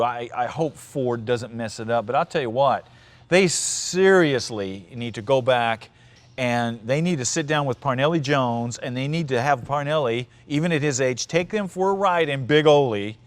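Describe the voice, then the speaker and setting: A man hosting a podcast in a casual monologue, often laughing and mocking quotes in a deep announcer voice. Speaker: podcast host.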